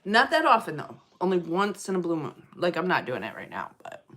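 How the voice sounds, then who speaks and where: Animated middle-aged woman livestreaming. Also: on the low side, fairly quick. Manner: animated storyteller, gets loud and fired up; chatty, greets viewers by name. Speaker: livestream host. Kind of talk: casual livestream chat.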